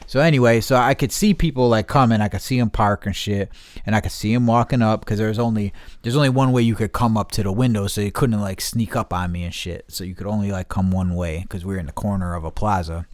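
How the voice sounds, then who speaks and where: A man with a lowish voice rambles through a story in loose, profane, blunt talk. The sound is dry and close, with no room around it. He keeps circling back and restarting his sentences. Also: quick pace, no room sound. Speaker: podcast host. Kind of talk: casual storytelling.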